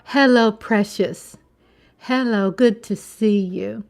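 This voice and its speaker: A middle-aged woman hosting a casual livestream from home, chatting with viewers, reading their comments aloud, laughing often and sometimes dropping into a hushed whisper. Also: medium pitch, slow pace, creaky. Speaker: livestream host. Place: home, at night.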